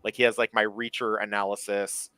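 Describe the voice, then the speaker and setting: A man co-hosting a podcast in casual chat, telling stories in a crude, profane, animated way. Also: fairly low pitch, a little fast, clean tone, dry recording, rough recording. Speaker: podcast co-host.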